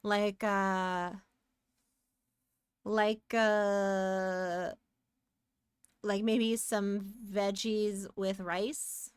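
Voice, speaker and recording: A woman's voice: mid-range voice, little pitch movement, extremely slow, pauses often, clear, resonant tone, dry recording, studio quality. An American woman streaming live, chatting casually and giggling while she works. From United States. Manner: chatty and giggly, hums and sings along.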